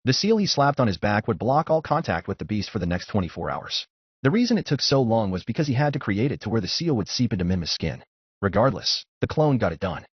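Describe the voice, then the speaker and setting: Male story narrator, steady audiobook reading, husky tone, dry dull recording. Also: on the low side, quick pace, no room sound. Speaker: fanfiction narrator.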